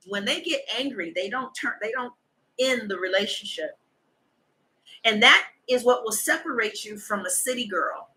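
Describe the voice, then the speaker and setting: Bright-voiced woman in a heated, profane rant. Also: mid-range voice, low-quality recording. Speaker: tarot reader. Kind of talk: casual monologue.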